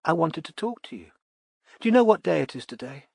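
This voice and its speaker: A man reading an audiobook, voicing a slightly drunk, wistful aristocratic young mother in a soft, slow, dreamy voice. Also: fairly high pitch, very animated, creaky, slightly rough, no room sound, clean studio sound, pitched above the performer's own voice, exaggerated voice. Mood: tipsy dreamy.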